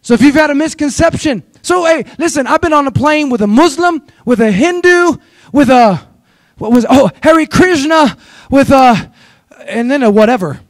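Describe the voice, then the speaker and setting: A man preaching a lively sermon in a church, exhorting the congregation with repeated call-and-response phrases. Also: very high-pitched, moderate pace, dry recording. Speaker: guest preacher. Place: church sanctuary.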